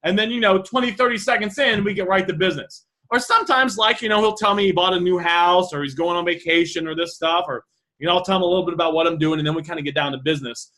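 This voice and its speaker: Young man, high voice, bright tone, casual sales trainer, lots of fillers. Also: fast, poor audio. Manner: casual, thinks aloud with fillers. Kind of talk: live online class, reading student messages.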